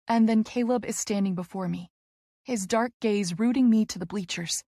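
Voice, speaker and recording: A woman's voice: mid-range voice, normal speed, warm tone, dry recording, clean studio sound. A woman narrating a first-person romance audiobook with emotional, breathless storytelling.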